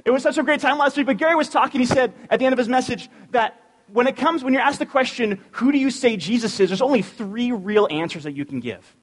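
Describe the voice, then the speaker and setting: A youth pastor with a notably high voice delivers a casual, joking sermon to his congregation at a quick pace. He's energetic and animated, and his words ring out with the long, lingering reverb of a church sanctuary.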